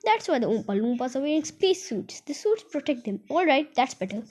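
A woman voicing an eccentric, excitable male chocolate maker in a storybook reading, exclaiming like a showman. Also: high-pitched. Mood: excited. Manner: exclaiming, fast-shifting, showman-like.

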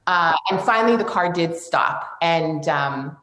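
A woman's voice: fairly low pitch, lively intonation, a little slow, fairly bright tone, echoey room, rough recording. A woman, a film director, telling a hard story in an interview, earnest and emotional, with many fillers and restarts. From Canada. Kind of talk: interview conversation.

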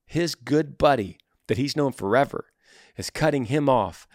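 Male host, casual advice talk, animated storyteller, dry close mic. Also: medium pitch, measured pace, no room sound. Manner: animated, acts out little scenes in quoted voices. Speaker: host answering listener emails.

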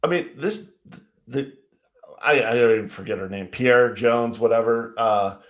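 A man's voice: mid-range voice, moderate pace. A man co-hosting a talk show, ranting about politics with heated swearing and frequent restarts. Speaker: podcast co-host. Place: indoors, seated at a desk. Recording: roomy echoey sound.

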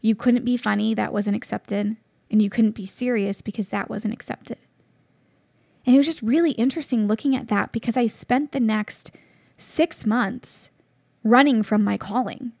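A woman's voice: on the high side, steady tone, normal speed, creaky, a little mellow, no room sound, studio quality. A woman in her thirties hosting a devotional podcast, telling a personal story in an earnest, reflective way. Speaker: podcast host.

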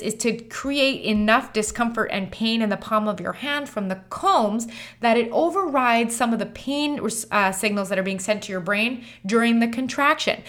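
A young woman shares a personal story in a loose, chatty way, peppering her sentences with "like" and "um". Her pitch sits in a middle range for a woman, and she tells it with animated energy. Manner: chatty, animated, many "like" fillers. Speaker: mother telling her birth story.

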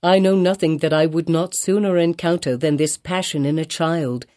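An anxious, pleading grown clergyman, voiced by a woman narrator, speaking in earnest, urgent tones. The voice sits low and mellow, in a storybook reading. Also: steady tone, normal speed, natural voice.

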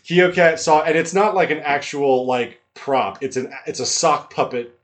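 A man, the game master and co-host of a podcast, casually recounting a tabletop session in a relaxed, rambling way. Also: on the high side, normal speed. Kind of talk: casual recap chat.

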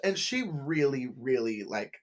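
Husky-voiced man chatting on a podcast. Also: medium pitch. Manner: animated, laughs often, quick asides. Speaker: podcast co-host. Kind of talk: casual chat.

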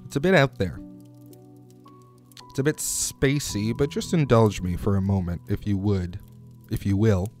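A man's voice: on the low side, measured pace, pauses often, a little mellow, faint music behind. A man rambling through a comic monologue, digressing wryly and asking the listener questions.

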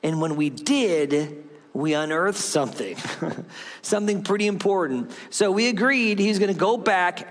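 A man's voice: sits high, a bit bright. A male pastor preaching a sermon, telling a story and acting out the voices in it. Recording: long hall reverb.

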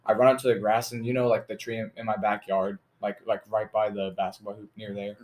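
Casting: young guy, rapid casual talker, halting and full of filler. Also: fairly low pitch, flat delivery. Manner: quick, halting storytelling with filler. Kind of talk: casual chat.

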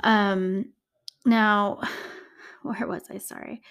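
A woman hosts a true crime podcast in casual storytelling mode. She talks straight to her listeners and drops in indignant asides. Her voice sits at an ordinary pitch for a woman. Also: level tone, extremely slow, fairly bright tone, clear, resonant tone. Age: adult parent.

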